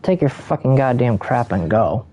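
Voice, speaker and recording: Brief: angry profane male streamer mid-rant, mid-pitched, game music underneath. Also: expressive, moderate pace, warm tone. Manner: angry, heavily profane, ranting. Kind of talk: ranting gameplay commentary.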